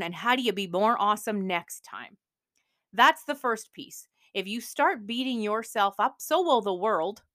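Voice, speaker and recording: A woman hosting a motivational podcast, talking in an energetic, emphatic coaching manner. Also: mid-range voice, dry recording, clean studio sound. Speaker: podcast host.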